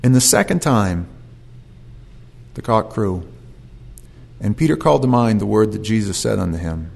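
A man's voice: fairly low pitch, animated, normal speed, creaky, darkish tone, slightly rough. A man preaching a sermon, telling the story with animation and acting out voices.

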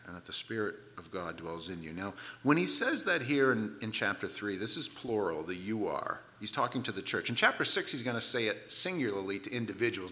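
A middle-aged man preaching a sermon to a congregation, animated and sarcastic at times, with frequent restarts. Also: on the low side, fairly quick, hardly any pauses. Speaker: pastor.

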